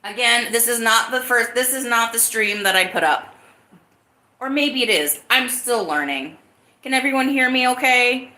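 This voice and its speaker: A woman's voice: a little high, expressive, normal speed, sharp tone, echoey room. A woman hosting her own live-stream podcast, talking casually and greeting viewers in the chat. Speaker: livestream podcast host.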